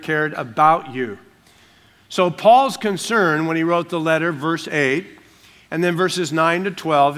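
A man preaching a sermon, reading scripture slowly and then explaining it in plain everyday words. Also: a little high, fairly bright tone. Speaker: pastor.

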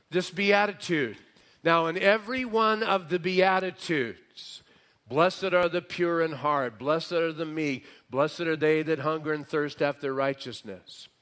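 A male pastor preaching a sermon slowly and emphatically, sometimes dropping into a quieter, conversational aside. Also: a little high.

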